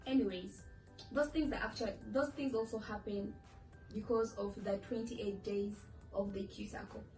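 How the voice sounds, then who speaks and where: A woman's voice: fairly high pitch, dark tone. A young woman vlogging in a chatty, playful way, acting out quoted voices as she talks. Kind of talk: casual talk to camera. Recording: echoey room from far off with faint music.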